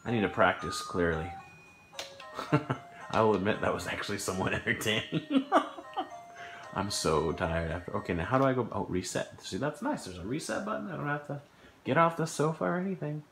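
A man giving casual let's-play commentary at home, thinking aloud and getting puzzled and excited over a game. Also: lowish voice, normal speed. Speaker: gameplay commentator. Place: home living room, on a sofa. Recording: echoey room with game music behind.

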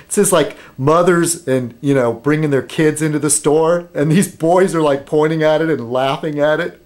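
A slightly high-voiced man vlogs casually at home in a rambling monologue. He hesitates with fillers and restarts, turning animated when he mimics people.

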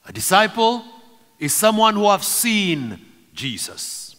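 A man's voice: high voice, big pitch swings, slow, a bit bright. A middle-aged man preaching a sermon, building to emphatic repeated calls. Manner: emphatic, repetitive preaching cadence. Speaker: pastor. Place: church sanctuary. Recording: long reverb of a church.

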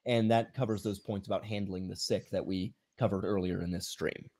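A man with a mellow, relaxed, fairly low voice reads old-fashioned prose in a slow, measured way. Between passages he comments in ordinary conversational talk. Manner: slow, measured reading, then plain remarks. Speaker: co-host reading and commenting on a philosophy text. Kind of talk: reading aloud with commentary.

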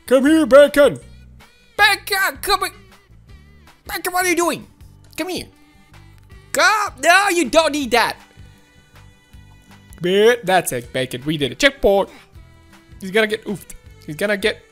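A woman hosting a gaming channel, giving excitable, playful let's-play commentary with frequent laughs and shouts. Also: on the high side.

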